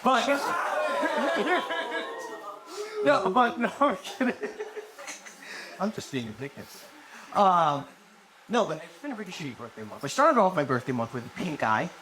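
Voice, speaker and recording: A man's voice: high-pitched, big pitch swings, moderate pace, over a noisy crowd. A man in his twenties doing a live stand-up set, rambling and profane, laughing at his own jokes. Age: 20s. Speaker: stand-up comedian. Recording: noisy live venue recording.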